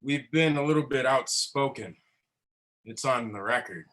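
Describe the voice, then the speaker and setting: A man, a veterans council member talking casually at a roundtable, energetic, swearing and laughing often. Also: mid-range voice, normal speed, low-quality recording.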